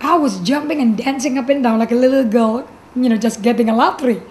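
A middle-aged woman from Indonesia, a pastor giving a personal testimony in an animated storytelling manner, acting out the dialogue. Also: a little high, fast talker, a little hiss or hum.

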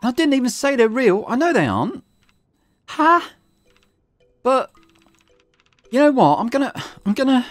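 A man's voice: very high-pitched, wildly swooping pitch, quick pace, hardly any pauses, no room sound, soft background music, voice pushed up, full character voice. A man voicing an earnest young woman who loves fairy tales, defensive and flustered. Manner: flustered and defensive, speeds up when upset.

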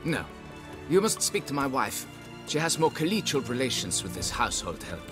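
Man voicing a pompous nobleman, video game, lively swooping delivery, music underneath. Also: medium pitch, moderate pace, lightly acted. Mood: haughty. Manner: pompous, demanding deference. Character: pompous haughty male nobleman, vineyard owner. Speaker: nobleman hiring a witcher.

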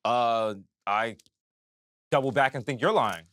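A man's voice: mid-range voice, fairly bright tone, no room sound, clean studio sound, close to an everyday voice. A man in a comedy sketch playing a cheeky male reporter who fires teasing questions at a press conference. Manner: teasing, fast-talking questioner. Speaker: comedy show host.

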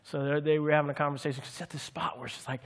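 Male pastor, high voice, playful sermon with call-and-response, long hall reverb. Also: rapid-fire, gravelly. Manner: lively, humorous, calls out to the congregation for answers.

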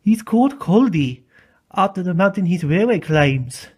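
A man voicing a gruff, easily offended tank engine from a storybook, with a husky, lively voice. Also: sits high, measured pace, full character voice. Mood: hushed scolding. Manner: dialect-heavy, indignant.

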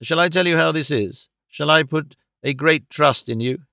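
A man reading the part of an uneasy, earnest middle-aged gentleman who speaks hesitantly and feels he is growing old. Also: a little high, moderate pace, creaky, no room sound, clean studio sound.

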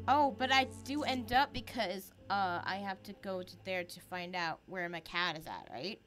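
A young woman giving casual let's play commentary, excitable and quick to yelp and laugh at scares. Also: mid-range voice. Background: game music.

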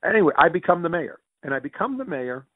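A man's voice: fairly high pitch, big pitch swings, dry recording. A middle-aged American man telling long personal stories in a conversation, jumping through them with restarts and quoted dialogue. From United States. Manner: rapid self-correcting anecdotes with quoted dialogue. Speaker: interview guest. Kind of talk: animated storytelling in conversation. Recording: dry sound over a phone-like line.

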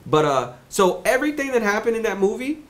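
Young male storyteller, slightly higher pitch, lively and profane, casual delivery. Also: fast. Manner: animated, swears freely, repeats "you know what I'm saying".

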